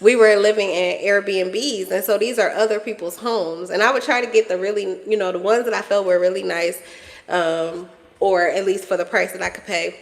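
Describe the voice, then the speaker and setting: A woman's voice: medium pitch, steady tone, normal speed, in a large hall. A woman giving a casual collective tarot reading, chatty and playful, laughing often and swearing freely. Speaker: tarot reader.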